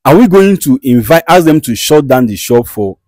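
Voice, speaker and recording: A man playing an interpreter in a skit, speaking slowly and deliberately with repetitions. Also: medium pitch, lively intonation, a little mellow, no room sound, close to an everyday voice, low-quality recording. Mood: measured. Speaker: interpreter for the diviner.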